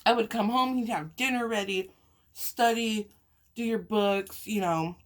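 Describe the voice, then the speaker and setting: A woman's voice: fairly high pitch, unhurried. A young woman vlogger telling a personal story in casual chat while eating, emotional and chatty, sighing and laughing often. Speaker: mukbang vlogger.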